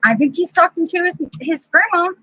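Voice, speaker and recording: A woman's voice: very high voice, animated, fairly quick, pushed and bright, poor audio. A middle-aged woman hosting a home craft live stream. She chats casually while she works and playfully scolds and teases the kids around her. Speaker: craft channel host. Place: home craft room, indoors. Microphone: computer mic on the desk.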